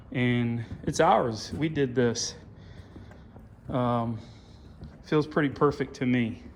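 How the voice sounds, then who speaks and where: A middle-aged man walking through the old barn he restored, talking in a halting, rambling way full of fillers. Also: mid-range voice, fairly bright tone, slight background noise. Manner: rambling, halting, self-deprecating, many fillers. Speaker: farm owner showing his restored barn. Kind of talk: casual walkthrough vlog.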